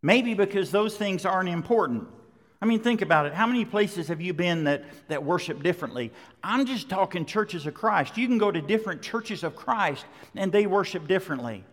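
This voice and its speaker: A middle-aged man preaching a sermon, conversational yet emphatic, driving points home with repetition. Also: high voice. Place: large church sanctuary. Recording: long hall reverb.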